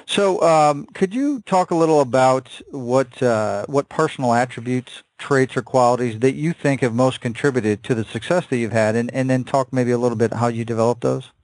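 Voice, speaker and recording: A friendly male radio host from upstate New York with a middle-pitched voice. He asks his questions with frequent fillers and restarts, recorded close and dry. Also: moderate pace, few pauses, a little mellow, no echo, low-quality recording. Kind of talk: radio interview.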